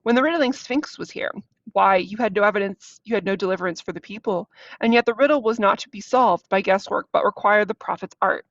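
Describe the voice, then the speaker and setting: A woman's voice: medium pitch, brisk, fairly bright tone, no echo, lightly acted. A woman reading the lines of a proud, angry male king in a scornful, accusing way. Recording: dull, dry lo-fi recording.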